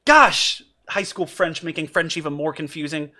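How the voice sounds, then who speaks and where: Male streamer, high bright voice, chatty and rambling. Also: moderate pace. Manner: chatty, rambling, laughs often. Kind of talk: casual gameplay commentary.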